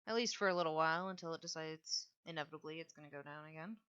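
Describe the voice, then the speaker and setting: A woman's voice: sits low, fast, fairly bright tone, clear, resonant tone, no echo, muffled recording. A woman chatting casually and easygoing while she draws on a stream, joking about herself. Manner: chatty, self-deprecating, easygoing. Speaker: artist streaming a drawing session. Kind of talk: casual chat while drawing.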